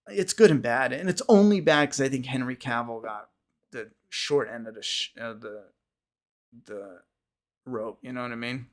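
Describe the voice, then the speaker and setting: A man's voice: medium pitch, vocal fry, fairly bright tone. A man hosting a podcast livestream, chatting casually with viewers, rambling with frequent restarts and casual swearing. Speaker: podcast host.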